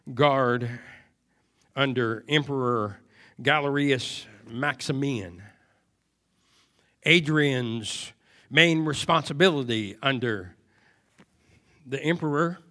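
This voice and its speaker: A man delivers a sermon at medium pitch, shifting from hushed, quiet passages into loud, emphatic cries and repeated phrases.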